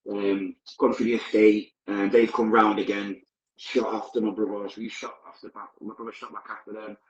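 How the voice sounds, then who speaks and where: A man's voice: on the low side, little pitch movement, moderate pace, roomy sound, highs cut off. A man, a podcast guest, recounting his past in a candid, vivid, blunt present-tense way. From Manchester, England. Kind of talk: personal storytelling.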